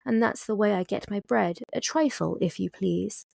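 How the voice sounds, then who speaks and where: A woman voicing an odd, rambling old man in a storybook poem, pitched above her own voice. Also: moderate pace, vocal fry, a little mellow, dry recording, clean studio sound.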